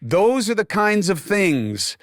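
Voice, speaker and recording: A man's voice: high voice, sing-song, slow, no room sound. A man hosting a podcast, delivering blunt, profane, sarcastic political commentary into a close microphone. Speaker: podcast host.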